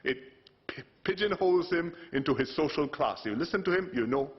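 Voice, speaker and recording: A man from Singapore, addressing parliament in a formal speech, measured and delivered in short phrases with emphatic rises. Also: fairly high pitch, lively intonation. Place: parliament chamber. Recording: dull broadcast audio.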